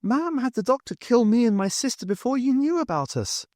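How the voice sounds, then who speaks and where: An eerie possessed child in a dry, close audiobook read, the voice pushed up high and thin. It speaks calmly and accuses without raising itself, as a male reader puts it on. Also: fairly quick, no echo. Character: possessed small boy speaking as dead girl.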